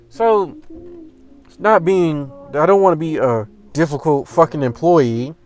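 A man's voice: a little high, unhurried. A young man telling a story about his job as a casual, profane rant, acting out the people he quotes. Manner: profane, animated, restarts and acts out quoted lines.

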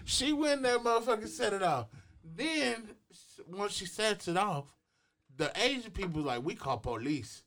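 Animated, profane male talk-show co-host. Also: high-pitched, normal speed. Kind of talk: casual storytelling chat. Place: radio studio.

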